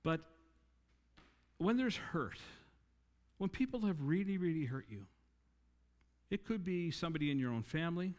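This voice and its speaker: A man preaching a sermon in an earnest way, rising louder and higher to stress his points and slowing on key lines. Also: expressive. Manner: earnest, rises in pitch and volume for emphasis, slows on key lines. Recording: long reverb in a hall.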